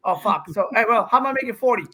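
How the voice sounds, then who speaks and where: A man's voice: high voice, animated, rapid-fire, pushed and bright, poor audio. A middle-aged man from India, a pickleball pro guesting on a podcast, telling stories in a brash, joking way with swearing and frequent laughs. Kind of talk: casual podcast chat.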